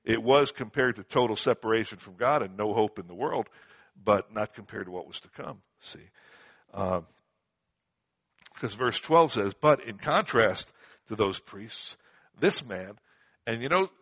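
A man's voice: lowish voice, animated, unhurried, pauses often, fairly bright tone, breathy edge, no echo. A man teaching a Bible passage verse by verse to a live group, conversational, repeating words for emphasis and asking rhetorical questions. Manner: frequent fillers and rhetorical questions.

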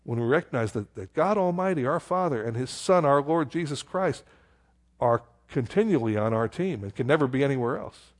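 A man's voice: mid-range voice, expressive, brisk. A man preaching a verse-by-verse sermon in a conversational way, full of rhetorical questions and exclamations. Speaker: pastor. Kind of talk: expository sermon.

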